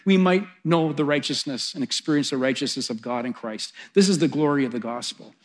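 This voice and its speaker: A middle-aged man preaching a sermon, swelling to loud, fervent peaks and then dropping soft. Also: medium pitch, fairly quick, hardly any pauses. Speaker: pastor.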